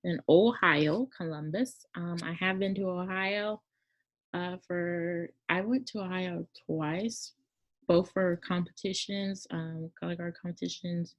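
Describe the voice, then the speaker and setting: A woman's voice: lowish voice, fairly even intonation, unhurried, no echo. Chatty woman teacher, lo-fi recording. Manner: chatty, rambling with many fillers and self-corrections. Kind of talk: casual classroom lesson. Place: near Memphis, Tennessee. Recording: dull lo-fi sound.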